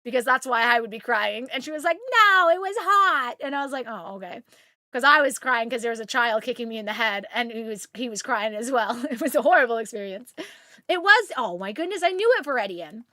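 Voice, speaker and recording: Bright high-voiced woman streamer. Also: fast talker, dry recording, studio quality. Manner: chatty, rambling storytelling with fillers. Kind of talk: casual chat with viewers while gaming.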